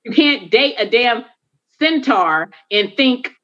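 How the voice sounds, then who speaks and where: A woman's voice: on the high side, expressive, slow, fairly bright tone. A woman hosting a podcast in casual chat, blunt, joking and profane. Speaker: podcast host. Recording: dull lo-fi recording.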